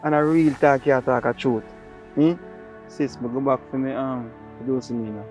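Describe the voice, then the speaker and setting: A man's voice: mid-range voice, fairly even intonation, normal speed, over music. A man with a Jamaican accent playing a younger brother who talks earnestly in patois about changing his ways. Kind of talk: Jamaican comedy-drama skit.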